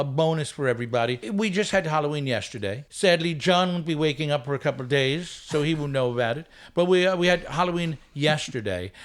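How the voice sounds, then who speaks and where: A man hosting a casual comedy podcast, playful and a bit halting. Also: a little high. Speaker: podcast host.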